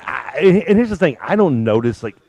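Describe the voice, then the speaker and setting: A man in his thirties with a Kentucky accent, co-hosting a casual chat and telling joking stories with quick asides. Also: mid-range voice, big pitch swings, darkish tone, no room sound. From Louisville, Kentucky. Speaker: co-host.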